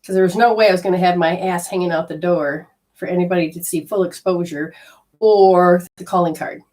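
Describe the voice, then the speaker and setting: A woman telling a personal story in a casual, animated way, swearing freely and acting out her own panic. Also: fairly low pitch, a little fast.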